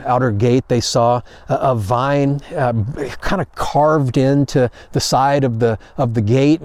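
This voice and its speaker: A man's voice: medium pitch, a little mellow, dry recording. A man pastor preaching a sermon in a conversational storytelling way, acting out paraphrased quotes.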